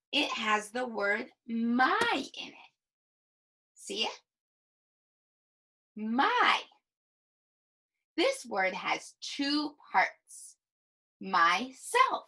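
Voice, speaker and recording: A woman teaching early reading, slow and patient as she sounds out each word. Her voice is bright and lively, rising and falling a lot. A gravelly edge creeps in at the ends of her phrases. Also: fairly high pitch. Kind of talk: early reading lesson for young children.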